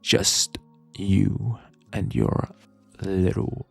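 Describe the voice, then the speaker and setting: A man whispering as a vindictive principal, gravelly and menacing, whispered role-play. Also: low voice, expressive, extremely slow, a little mellow, faint music behind, full character voice. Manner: growling, scary little whisper.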